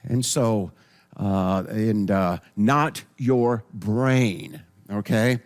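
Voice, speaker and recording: A man's voice: lowish voice, drawn-out words, faint music behind. A man teaching a class on biblical counseling in a conversational way, reading scripture verses aloud and often restarting his sentences. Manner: explains with many restarts and repeated phrases.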